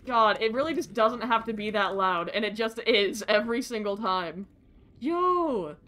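Excitable high-voiced woman streamer. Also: unhurried. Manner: excitable, squealing greetings and sudden swearing. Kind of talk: live gameplay stream chat.

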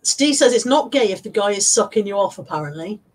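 A woman's voice: mid-range voice, expressive, fairly quick. A middle-aged Irish woman live-streaming from a phone or webcam, chatting casually as she reads viewers' comments aloud, laughing often. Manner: chatty, laughs often, breaks into off-key singing. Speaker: live-streaming reseller vlogger.

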